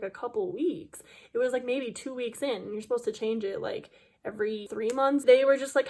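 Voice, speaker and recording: A young woman YouTuber with a voice on the high side. She tells a casual storytime, chatty and dramatic, with lots of fillers.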